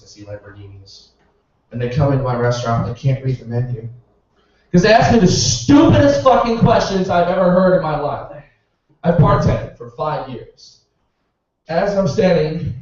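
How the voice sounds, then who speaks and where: A man's voice: mid-range voice, darkish tone. A young man doing a stand-up routine, ranting in exasperation and swearing. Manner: exasperated rants with profanity. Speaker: stand-up comedian. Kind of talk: stand-up routine at a comedy club. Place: small comedy club. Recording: roomy, distant, muffled club recording.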